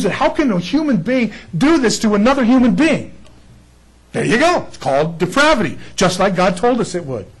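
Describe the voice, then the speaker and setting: A middle-aged male Bible teacher with a notably high voice delivers an excitable sermon. He keeps checking that his listeners follow along. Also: poor audio.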